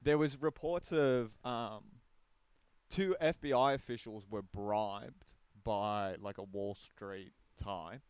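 A man chats loosely on a podcast, trailing off and restarting with plenty of fillers. His voice sits low and sounds smooth, recorded dry and close. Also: fairly even intonation, slow, a little mellow, no echo. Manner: rambling, lots of fillers. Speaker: podcast co-host. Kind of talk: casual podcast chat.

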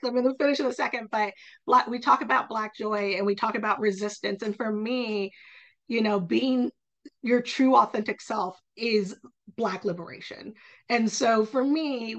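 Woman tutor on a podcast, kinda high-pitched, talks fast and fired up. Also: fairly bright tone, highs cut off. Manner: passionate, quick bursts of speech. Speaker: college admissions tutor. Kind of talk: casual podcast conversation.

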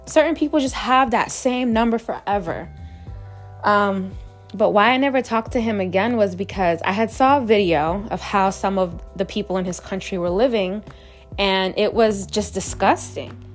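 A woman host telling a personal story in a candid, chatty way, with frequent swearing. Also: fairly high pitch. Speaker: podcast host. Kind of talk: casual storytelling monologue.

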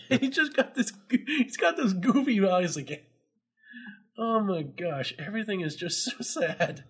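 A high-voiced man with a husky edge and a lively, swooping delivery. He is chatting casually about an old video game and keeps breaking into giggles. He sounds excitable and playful. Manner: giggly, excitable, quick to laugh. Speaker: co-host. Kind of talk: casual game-review chat.

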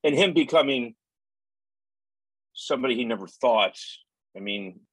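A man co-hosting a casual movie podcast, relaxed and teasing, with easy asides. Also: mid-range voice, unhurried, breathy edge, dry recording, poor audio. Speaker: podcast co-host. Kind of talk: casual movie-discussion chat.

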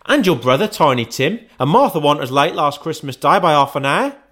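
A man's voice: fairly high pitch, expressive, brisk, a bit bright, voice pushed up. A man voicing a bustling, fond working-class mother with a fussy, scolding manner in a storybook reading. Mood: fussing.

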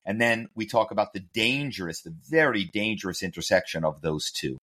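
Low-voiced man telling lively stories. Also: brisk. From Philadelphia area. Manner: animated, self-amused storyteller. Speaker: guest, author and former corporate spy. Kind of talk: conversational interview storytelling.

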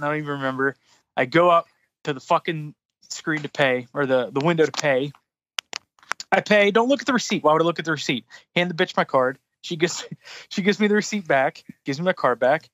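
A man tells a story in casual talk, swearing constantly. He gets animated and heated as he goes, acting out each side of the exchange. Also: on the high side, dry recording. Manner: profane, heated, animated retelling.

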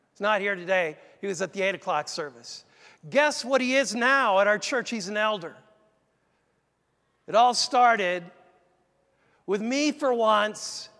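A middle-aged man preaching a sermon, telling a story in a lively, conversational way and speaking straight to the congregation. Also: sits high. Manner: animated, conversational, addresses the congregation directly. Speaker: pastor. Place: large church. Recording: echoey church hall.

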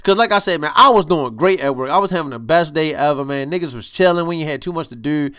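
A young man hosting a podcast, telling a story in a casual, animated way with heavy street slang and acted-out quotes. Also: a little high, fast talker, smooth. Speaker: podcast host.

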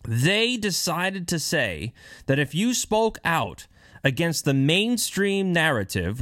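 A man's voice: medium pitch, a bit bright, no room sound, clean studio sound. A man giving heated, sarcastic political commentary while reading and remarking on news.

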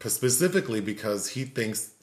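A man's voice: mid-range voice, animated, moderate pace. A man giving a rambling, filler-heavy critique of a film in casual chat. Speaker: film reviewer. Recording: roomy echo.

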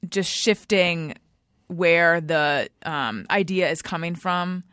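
A woman hosting a podcast, asking a guest questions in a casual, animated chat. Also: on the low side, takes it slowly, smooth, dry recording, clean studio sound. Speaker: podcast host.

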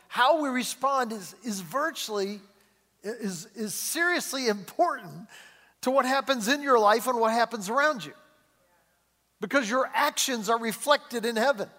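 A middle-aged male pastor preaching a sermon in a church in a chatty way, chuckling often and slowing down to stress key words. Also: extremely high pitch, bright, forceful tone. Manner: conversational preaching, chuckles often, slows and rises for emphasis. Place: church sanctuary. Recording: long hall reverb.

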